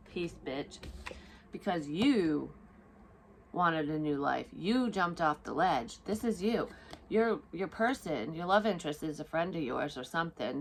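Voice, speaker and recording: A woman giving a casual, profane tarot reading to the viewer while doing her makeup, rambling as she goes. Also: on the low side. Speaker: psychic tarot reader.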